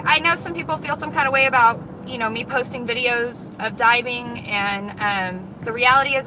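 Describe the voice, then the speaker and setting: A high-pitched woman chats excitedly to her live-stream viewers as she goes from one parking lot to the next. Her talk is casual and quick to react. Loud car and street noise runs under her phone recording. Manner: chatty and excitable, talks to viewers. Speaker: vlog host, dumpster diver. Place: outdoors around store lots and in a car.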